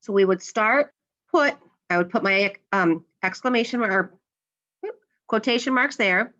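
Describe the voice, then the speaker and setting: A woman's voice: medium pitch, a little slow, fairly bright tone, lo-fi sound. Patient woman teaching a grammar lesson. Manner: patient, explains step by step, acts out example lines.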